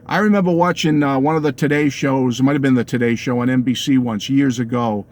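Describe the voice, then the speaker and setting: A man's voice: mid-range voice, steady tone, fairly quick, a little mellow. A middle-aged man with a New England accent talking casually to his viewers about music. He laughs often and keeps checking in with them. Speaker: music vlogger. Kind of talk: casual opinionated monologue to camera.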